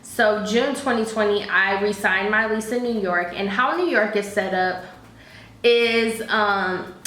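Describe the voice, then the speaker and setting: A woman's voice: mid-range voice, fairly bright tone, a little hiss or hum. Candid woman in her late twenties, echoey room. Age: late 20s. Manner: candid and emotional, swears freely, talks straight to viewers. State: near tears at times. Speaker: vlogger. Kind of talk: casual personal life update. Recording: echoey room with faint ambience.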